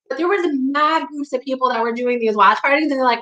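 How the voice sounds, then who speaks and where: Bright-voiced outspoken New York woman. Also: sits high, quick pace, hardly any pauses, low-quality recording. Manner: blunt and emphatic, heavy use of "like", swears when riled. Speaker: community talk host. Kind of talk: candid monologue to camera.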